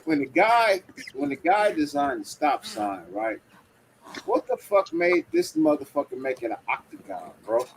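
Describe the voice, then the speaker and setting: A man's voice: a little high, huge pitch swings, measured pace, vocal fry, slight background noise, rough recording. A man talking drunk and rambling, swearing and laughing a lot in a casual chat over a video call.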